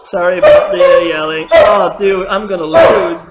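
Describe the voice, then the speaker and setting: A young gamer giving live commentary on a challenge run at home, dropping from low muttering to loud cursing outbursts. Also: very animated, moderate pace, over loud music. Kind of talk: live let's-play commentary. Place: home room. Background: faint noise, dogs at times.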